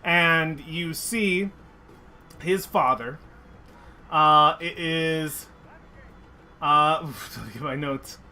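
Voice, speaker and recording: A man's voice: on the high side, extremely slow, long pauses, pushed and bright. A man narrating as dungeon master, giggly and full of fillers and restarts. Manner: giggly, many fillers and laughs. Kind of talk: narrating a tabletop game.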